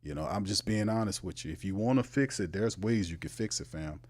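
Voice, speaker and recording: A man hosting a casual live sports talk show, animated and emphatic, with sudden jumps in pitch. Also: a little fast.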